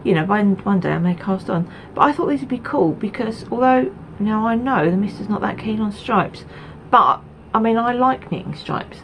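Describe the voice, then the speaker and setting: A woman's voice: mid-range voice, lively intonation, normal speed, few pauses, lo-fi sound, slight background noise. A woman from Essex, hosting a knitting video podcast in a rambling, chatty way with many ums and asides. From Essex, England. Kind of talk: casual chat to camera.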